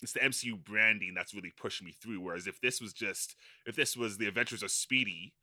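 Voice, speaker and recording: A man co-hosting a casual round-table podcast, giving animated critiques with frequent restarts. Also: on the low side, fast talker, dry recording, studio quality. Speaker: podcast co-host.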